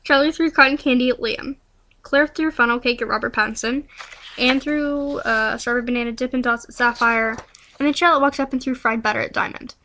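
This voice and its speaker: A woman's voice: a little high, fairly even intonation, brisk, bright, forceful tone, slight background noise. A young woman telling a rambling, silly made-up story in a playful, giggly way. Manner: giggly, playful, breaks into song.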